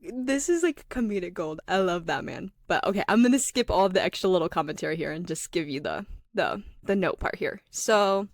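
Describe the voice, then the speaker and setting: A woman's voice: on the low side, animated, fairly quick, hardly any pauses, dry recording. A woman co-hosting a book podcast in casual chat, giggly and reading passages aloud. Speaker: podcast co-host.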